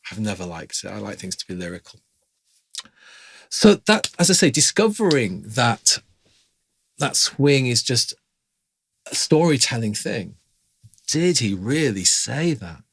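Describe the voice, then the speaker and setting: This piano teacher has a medium-pitched, sing-song voice that's gravelly and husky; he's unhurried and pauses often. His lesson is informal and chatty, punctuated by scat-sung rhythm syllables.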